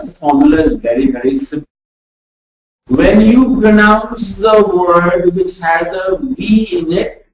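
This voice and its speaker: A woman teaching a pronunciation lesson, demonstrating sounds with deliberate exaggeration. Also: fairly low pitch, darkish tone, slight background noise. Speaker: communication skills trainer. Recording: very echoey room, voice far from mic.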